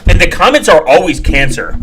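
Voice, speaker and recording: Ranting man with a bright, edgy voice. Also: fairly high pitch, very animated, fairly quick, soft background music. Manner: angry, profane, mocking, breaks into sudden shouts; mumbles quietly while reading comments aloud. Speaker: streamer reacting to videos. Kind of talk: ranting reaction commentary.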